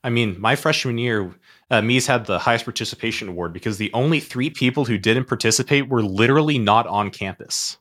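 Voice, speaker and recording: A man's voice: mid-range voice, fairly quick, fairly bright tone. A young man, a student tour guide, talking eagerly in a casual chat and restarting phrases. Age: young adult.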